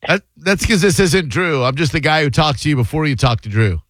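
A man hosting a talk radio show, chatting with callers in a joking, quick-to-laugh way. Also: fairly high pitch, expressive, a bit bright, no room sound. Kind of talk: casual on-air phone chat.

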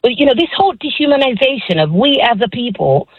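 A woman's voice: a little high, very animated, brisk, husky, no echo. A woman from Africa calling in to a radio show, speaking earnestly and repeating herself. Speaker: caller. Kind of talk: call-in to talk radio. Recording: tinny phone line.

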